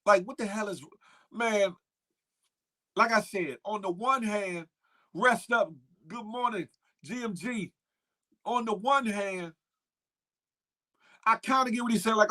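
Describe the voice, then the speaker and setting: A man hosting a casual morning show, emphatic and animated, calling out viewers by name. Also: high voice, slow pace, long pauses. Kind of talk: casual livestream commentary.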